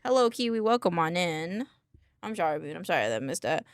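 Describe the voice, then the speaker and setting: A woman hosting a livestream, chatting casually with her viewers in a bubbly, playful way, giggling often and quick to apologize or reassure. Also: fairly low pitch, big pitch swings, dry recording, clean studio sound. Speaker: livestream host. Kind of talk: casual chat with live viewers.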